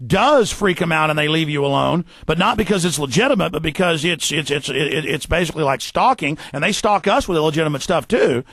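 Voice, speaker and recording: A man hosting a radio talk show, ranting fast and forcefully, tripping over repeated words. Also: fairly high pitch, animated, dry recording. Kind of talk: heated radio monologue. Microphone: studio microphone.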